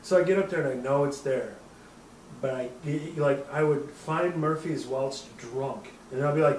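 A man's voice: medium pitch, normal speed, a little mellow, echoey room, far from the mic, slight background noise, low-quality recording. A man in his thirties hosting a podcast, telling a rambling, profane drinking story and laughing at himself. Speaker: podcast host. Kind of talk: casual storytelling.

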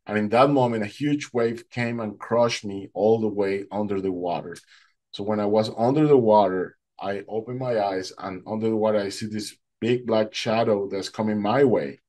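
A man giving a personal faith testimony, telling his story in an animated way and acting out what people said. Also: on the low side, normal speed. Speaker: testimony speaker.

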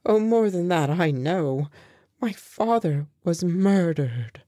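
A woman's voice: on the low side, animated, slow pace, dark tone, dry recording, studio quality. A woman voicing a distraught young man, urgent and shaken, in an audiobook.

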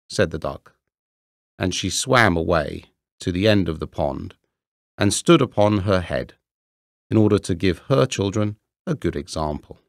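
A man reading a classic fairy tale aloud, slow, deliberate and expressive. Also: sits low, no echo, clean studio sound. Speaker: reader. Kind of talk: storybook narration.

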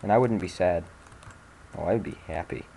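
A man's voice: deep voice, brisk, creaky, mellow, slight background noise. A young man giving casual commentary on a game he is playing, sarcastic and swearing, with sudden frustrated outbursts. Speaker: let's play gamer.

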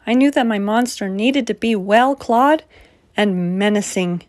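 A woman reading a children's picture book aloud as the storytime host, slow and deliberate. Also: medium pitch, darkish tone, dry recording, studio quality. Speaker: storytime reader.

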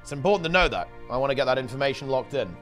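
A man's voice: mid-range voice, expressive, racing, faint music behind. A man casting a live online game tournament in a chatty, rambling way, often correcting himself mid-sentence. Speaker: esports tournament commentator. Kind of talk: casual live game commentary.

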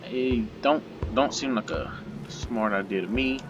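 A man narrating a horror game as he plays, nervous and joking, talking to the monster to calm it. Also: mid-range voice, measured pace, music in the background. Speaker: gaming video creator. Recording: dull lo-fi with loud background noise.

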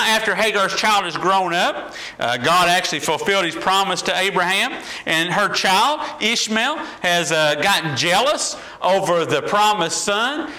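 A man's voice: sits high, sharp tone, low-quality recording. A man preaching a sermon as a pastor, asking the congregation repeated questions and building in intensity.

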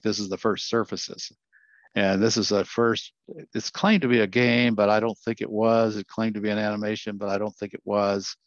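An older man talks through his slides as a guest speaker, earnest and quick to correct himself mid-sentence. His voice sits low, and the video call sound is dull and lo-fi. The room around him is dry, with no echo. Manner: earnest, self-correcting storyteller. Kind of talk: slide presentation talk.

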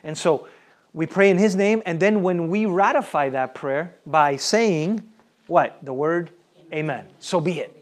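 A pastor with a high, light voice delivers an emphatic sermon. He repeats his phrases and calls for responses from the congregation. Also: measured pace. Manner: repetitive, emphatic.

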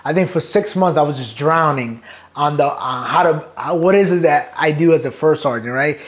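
A middle-aged man from New York, a guest in an interview, telling his stories in a casual, animated and profane way, acting out quotes with laughter. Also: on the high side, moderate pace.

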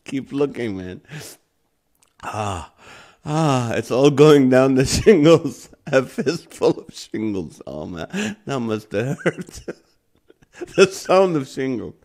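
A man's voice: mid-range voice, sing-song, slow, a little mellow. A male live-stream host reading out joke comments, laughing helplessly between lines. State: laughing to tears.

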